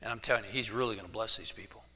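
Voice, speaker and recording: A man's voice: fairly low pitch, racing, sharp tone, a little hiss or hum. A male pastor preaching a sermon as casual, joking storytelling in a church. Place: church sanctuary. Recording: echoey church hall.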